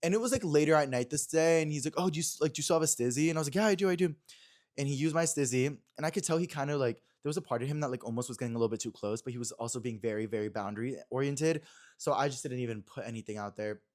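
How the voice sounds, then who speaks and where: A man's voice: medium pitch, racing, darkish tone. A young man hosting a podcast in a small room, chatting casually and acting out quotes as he retells a story. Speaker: podcast host.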